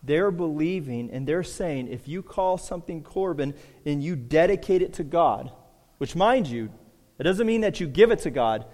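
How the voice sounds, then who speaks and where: A man's voice: on the high side, animated, normal speed, darkish tone. Man preaching in a reverberant hall. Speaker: pastor. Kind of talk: sermon.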